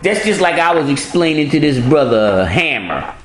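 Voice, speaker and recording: A man's voice: fairly high pitch, very animated, normal speed, reverberant, a little hiss or hum, rough recording. A man in casual conversation, telling stories in a streetwise, profane way with frequent restarts. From New York.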